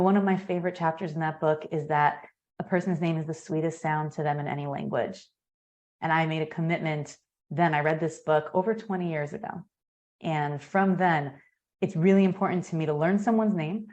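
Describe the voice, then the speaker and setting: An American woman talking as a guest in a podcast interview, energetic and emphatic, acting out quoted sales pitches as she explains. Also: lo-fi sound. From United States. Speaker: guest, marketing consultant.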